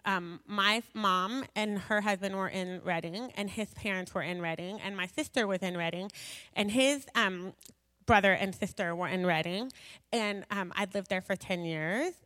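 A woman's voice: mid-range voice, a bit bright, clean studio sound. A woman giving a personal faith testimony to an audience, rambling and self-deprecating, full of filler words. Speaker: speaker sharing a personal testimony. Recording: long hall reverb.

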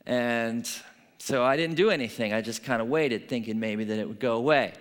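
A male pastor giving a sermon in a relaxed, conversational way, telling stories and checking in with his listeners. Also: medium pitch, moderate pace, clean tone, long reverb tail. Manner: conversational, storytelling, frequent "right?" asides.

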